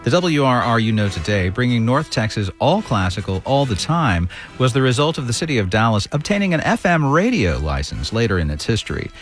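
A man reading a scripted history segment in a measured storytelling manner. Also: medium pitch, sing-song, faint music behind. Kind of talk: scripted narration.

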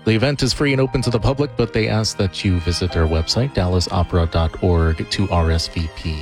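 Male radio reporter, low voice, steady scripted read over a music bed. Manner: measured, even reading. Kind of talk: scripted news narration.

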